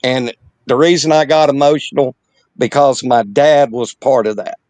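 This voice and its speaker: A regular panelist on a football talk show speaks with a middling voice. He is heartfelt and halting, often pausing on fillers, and the sound is dry and close. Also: medium pitch, darkish tone, no room sound. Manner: heartfelt, hesitant, many fillers. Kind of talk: casual panel chat.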